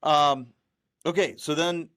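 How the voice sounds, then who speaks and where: A man's voice: fairly high pitch, steady tone, slow pace, pushed and bright, smooth. A man co-hosting a podcast in casual chat, rambling with many restarts and fillers. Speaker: podcast co-host.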